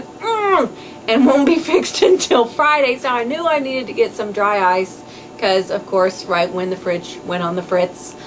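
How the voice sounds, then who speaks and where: A woman hosting a podcast, telling a story in a chatty, animated way with asides. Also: medium pitch, a little hiss or hum, poor audio. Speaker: podcast host. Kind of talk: casual storytelling monologue.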